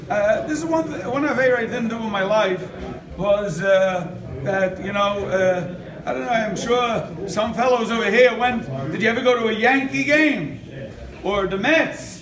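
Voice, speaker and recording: An older man preaching as a rabbi, animated, acting out quotes and laughing as he tells stories. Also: high voice, unhurried, crowd noise. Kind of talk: sermon with storytelling. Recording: echoey room from far off.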